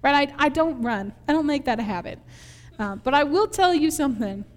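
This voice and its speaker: A woman's voice: sits high, brisk, long reverb tail. A woman from Minnesota giving a conversational sermon, telling a funny childhood story with lots of laughter and acted-out moments. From Minnesota, USA. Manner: animated storyteller, laughs often, acts out scenes. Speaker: preacher.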